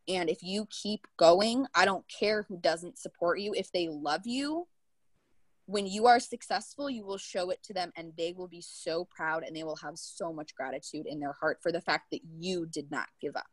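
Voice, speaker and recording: Earnest young woman, low dry voice. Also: moderate pace, no room sound, rough recording. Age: 20s. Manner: earnest and emotional, speeds up in bursts. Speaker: direct sales team leader. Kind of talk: motivational Q&A livestream talk.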